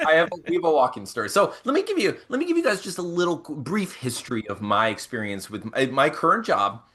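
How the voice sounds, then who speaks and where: A man hosting a podcast, telling a casual story in an animated way with frequent chuckles and restarts. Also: on the high side, fast talker. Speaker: podcast host.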